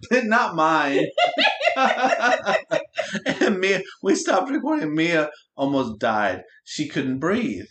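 A man's voice: fairly high pitch, wildly swooping pitch, takes it slowly, noisy background. A man co-hosting a podcast in casual chat, joking crudely and laughing often. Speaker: podcast co-host. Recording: roomy echoey room.

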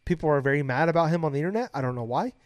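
A young man hosting a casual podcast, rambling excitedly, swearing a lot and getting loud when hyped. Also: a little high, very fast. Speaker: podcast host.

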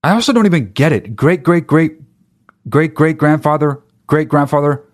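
A comedian doing a stand-up rant, talking in an exasperated, profane and rhetorical way. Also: male voice, a little high, moderate pace.

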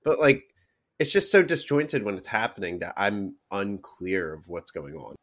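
A man's voice: on the low side, big pitch swings, moderate pace, a bit bright. Hesitant man musing on a podcast. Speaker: podcast co-host. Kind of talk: casual chat.

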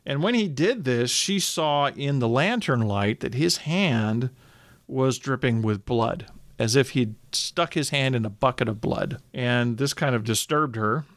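A male podcast host retells an old local crime in a relaxed, conversational way, with casual asides and the odd "um." His voice sits at a middle pitch. The recording is dry and close, with no room echo. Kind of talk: conversational history storytelling.

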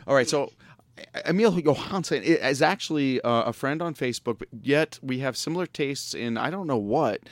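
A man's voice: mid-range voice, animated, normal speed, dry recording. Joking man hosting a radio show. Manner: joking, laughs often. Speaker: podcast host. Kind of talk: casual chat.

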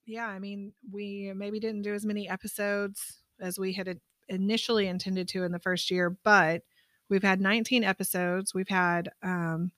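A woman co-hosts a podcast in a casual, soft-spoken way, often pausing with fillers. Her voice sits at a middle pitch and sounds dry and close. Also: little pitch movement, no room sound. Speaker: podcast co-host.

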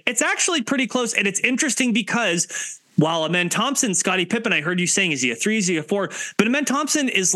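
A man co-hosting a sports podcast in casual chat, animated and talkative, often cutting in. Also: high-pitched, no room sound. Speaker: podcast co-host and team site writer.

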